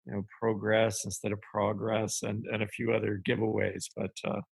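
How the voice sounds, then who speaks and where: A middle-aged man with a Canadian accent, answering as an interview guest in a measured, thoughtful way. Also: lowish voice, level tone, vocal fry, husky. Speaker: guest, business strategist. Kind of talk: podcast interview.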